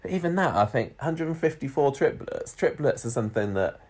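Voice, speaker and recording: A man's voice: medium pitch, lively intonation, brisk. A man co-hosting a podcast, chatting casually and reading out statistics with frequent restarts. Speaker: podcast co-host. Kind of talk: casual chat.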